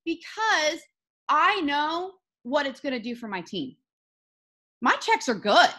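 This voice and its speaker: A woman hosting a video call, giving an energetic, emphatic motivational talk to her team. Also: high voice, measured pace. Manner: energetic and emphatic, rising to excited peaks.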